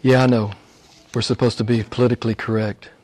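A man preaching a sermon to his congregation. He talks emphatically and repeats phrases, dropping low and quiet and then climbing high and loud. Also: flat delivery, quick pace.

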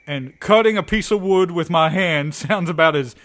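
A man's voice: a little high, normal speed, fairly bright tone, lightly acted. A man playing a brash, bored rock-and-roll singer in an improvised comedy bit, swearing and calling everyone man. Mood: cocky. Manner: swaggering, swears a lot, says "man". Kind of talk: improvised comedy role-play.

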